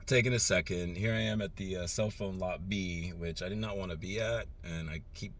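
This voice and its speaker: A man's voice: low voice, fairly quick, a little hiss or hum. A tired man, a rideshare driver, talking casually and profanely to the camera from his parked vehicle, rambling and getting heated in spots. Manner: rambling, profane, animated when ranting. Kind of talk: casual vlog monologue. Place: parked vehicle at airport lot.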